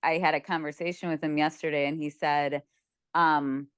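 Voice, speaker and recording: Young woman on a video call, low smooth tone, dry sound, chatty filler-heavy talk. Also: little pitch movement, moderate pace, no room sound. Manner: chatty, many "like" fillers, laughs easily. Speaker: group member sharing. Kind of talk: casual chat on a video call. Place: lying on a bed at home.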